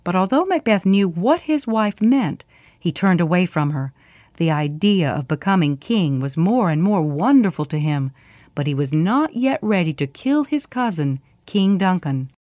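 A woman narrating a storybook in a clear, steady reading voice. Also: lowish voice, normal speed, no room sound, clean studio sound.

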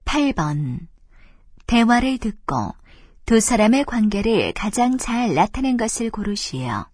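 Female exam announcer: rapid, slightly husky, formal reading in a dry booth. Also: on the high side, big pitch swings, a little mellow, no echo. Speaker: exam narrator.

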